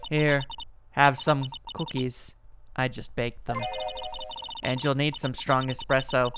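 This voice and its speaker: A woman voicing a soft-spoken woman who offers cookies and espresso, talking quietly in a video game playthrough. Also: rumbling low, fairly even intonation, takes it slowly, over music, voice pushed down. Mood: sweet.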